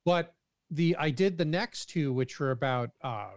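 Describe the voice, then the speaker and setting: A man's voice: on the high side, a little slow, darkish tone, no echo, studio quality. A man co-hosting a casual tech podcast, joking around and restarting his sentences. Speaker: podcast co-host.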